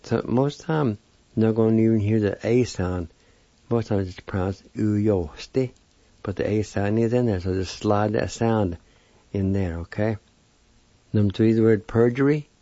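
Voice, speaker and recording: A man teaching vocabulary in a patient, slow lesson, sounding out each word syllable by syllable. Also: on the low side, mellow, no echo. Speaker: language teacher. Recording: dull lo-fi dry recording.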